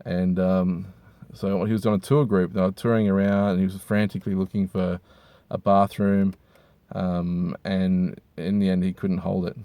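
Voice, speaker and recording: A hungover man, rambling crudely and with deadpan humor while reviewing hats from inside a car. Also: deep voice, normal speed, dry recording. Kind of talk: casual rambling monologue.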